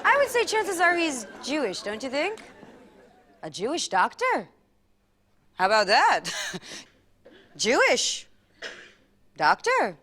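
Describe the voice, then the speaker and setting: A woman doing a stand-up comedy act, laughing at her own jokes and filling the gaps with awkward pauses. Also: high-pitched, wildly swooping pitch, pushed and bright, some chatter behind. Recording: live stage with music and audience.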